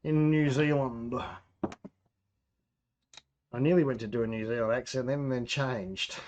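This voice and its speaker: A medium-pitched, slightly mellow male voice moves a little slowly over slight background noise. He's an Australian hosting a home brewing livestream, rambling, talking to himself and reading out viewers' chat while he works. The lo-fi sound is slightly dull.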